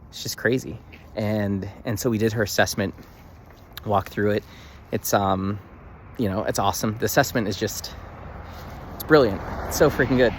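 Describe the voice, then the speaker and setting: A man's voice: fairly low pitch, a little hiss or hum. A young man vlogging, telling a story casually with emphatic bursts and lots of fillers and restarts.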